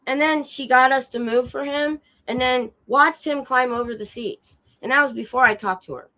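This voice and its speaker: A woman with a hoarse, under-the-weather voice chats casually on her stream. She tells an animated story, acts out the lines of the people in it and swears along the way. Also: sits high, normal speed, poor audio. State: sick and hoarse. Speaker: streamer telling a travel story. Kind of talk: casual chat. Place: home streaming setup.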